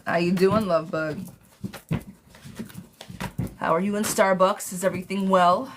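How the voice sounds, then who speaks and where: A woman gives a live-stream tarot reading in a chatty, affectionate way, calling her viewers darling and sweetheart. Her mid-range voice has fairly even intonation and an unhurried pace, with background noise present.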